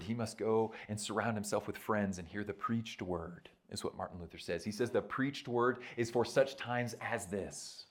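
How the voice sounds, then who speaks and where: A man preaching a sermon at a church retreat, talking conversationally and stressing his points with quick asides. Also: on the low side. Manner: conversational and emphatic, tags points with "right?".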